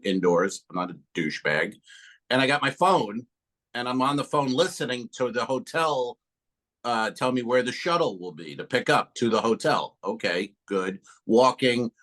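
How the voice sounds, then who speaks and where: A man's voice: mid-range voice, a bit bright, rough recording. A man co-hosting a comedy podcast tells a story in loose, casual chat. He acts out both sides of the exchange and swears freely along the way. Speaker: podcast co-host.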